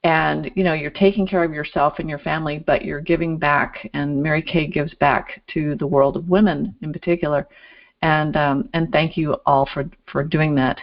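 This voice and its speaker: Woman host, lowish voice, muffled lo-fi call sound, earnest and encouraging. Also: steady tone, moderate pace, vocal fry. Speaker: show host. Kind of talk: casual interview talk.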